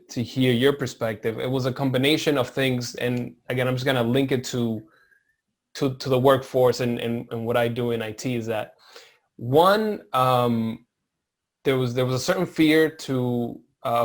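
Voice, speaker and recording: A man talking reflectively about his work in a casual podcast chat, pausing and restarting his sentences. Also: medium pitch. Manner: reflective, halting, many restarts.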